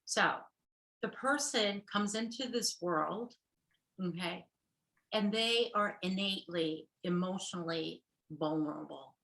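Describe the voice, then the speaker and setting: American woman therapist, workshop lecture over video call; bright voice, slow pace, echoey room. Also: a little high, very animated. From United States. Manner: checks in often with "okay?" and "right?". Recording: roomy echo.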